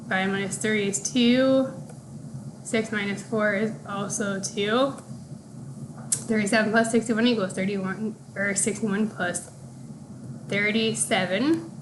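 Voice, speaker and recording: A woman teacher walking young pupils through their morning work, speaking deliberately and spelling out punctuation marks. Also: mid-range voice, background noise. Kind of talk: recorded classroom lesson walkthrough.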